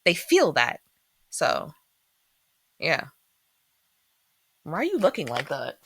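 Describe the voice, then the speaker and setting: Philly woman podcast cohost, animated and teasing, kinda lowish voice, dry close mic. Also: slow pace, vocal fry, husky, dry recording. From Philadelphia. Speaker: podcast co-host. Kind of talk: casual film review chat.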